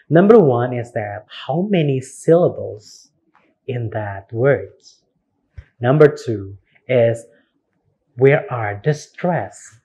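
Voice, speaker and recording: Indonesian guy teaching a class online, slow and kinda husky, spells stuff out and repeats it. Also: mid-range voice, a little mellow. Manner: spells words letter by letter, repeats words slowly, asks rhetorical questions. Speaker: university lecturer. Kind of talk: recorded online lecture.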